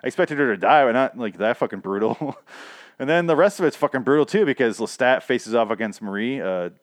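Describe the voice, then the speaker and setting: A man's voice: mid-range voice, expressive, fairly quick, no echo, clean studio sound. A man casually recapping a TV episode, rambling and profane, laughing at his own asides.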